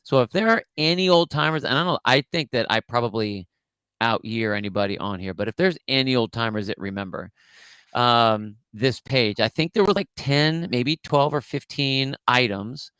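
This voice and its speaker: A man's voice: medium pitch, animated, normal speed, fairly bright tone, clean tone, no echo. A middle-aged man co-hosting a podcast, rambling through an old memory in casual chat with frequent restarts. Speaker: podcast co-host.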